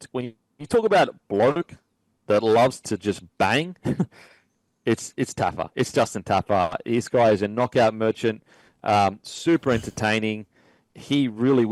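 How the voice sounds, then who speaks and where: A man's voice: fairly low pitch, no room sound, rough recording. Man hosting a chatty podcast. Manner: relaxed, matey banter with fillers. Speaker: podcast host. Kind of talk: casual podcast chat. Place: remote call from abroad.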